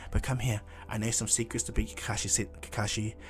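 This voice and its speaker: A man voicing a protective big sister ninja in a low, conspiratorial tone. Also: flat delivery, fairly quick, lightly acted.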